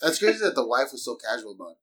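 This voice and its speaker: Young dude podcasting, bright lively voice, swears n jokes around. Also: male voice, medium pitch, very fast. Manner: swearing, jokey, acts out quotes. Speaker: podcast co-host. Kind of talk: casual chat.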